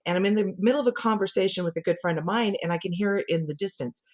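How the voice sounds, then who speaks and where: A middle-aged woman, a communication coach, chatting as a podcast guest and telling animated stories with frequent laughter. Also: medium pitch, very fast. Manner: lively storyteller who laughs often and acts out quotes. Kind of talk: conversational podcast interview.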